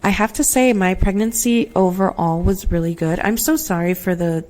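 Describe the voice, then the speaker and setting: Speaking at a moderate pace in a darkish, mid-range voice, a young podcast host shares a personal story casually and emotionally, sprinkling in lots of fillers and "like." She's recording at home through her laptop microphone.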